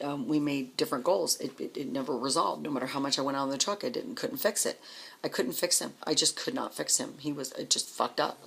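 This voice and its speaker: Middle-aged woman, raspy edge, telling it straight with plenty of swearing. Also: sits low. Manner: blunt, swears often, repeats words when emotional. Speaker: trucker's wife telling her story. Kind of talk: candid personal storytelling.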